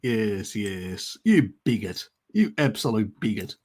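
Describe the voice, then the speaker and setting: A man's voice: fairly low pitch, big pitch swings, slow, darkish tone. A man hosting a casual live stream, answering viewer questions in a sarcastic, mocking way and often laughing.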